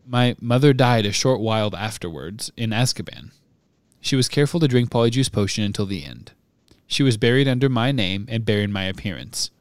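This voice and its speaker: A drugged young man speaking in a flat, expressionless monotone, as a man reads him aloud. The voice is slightly low and quiet, and the recording is dry. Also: no room sound, lightly acted.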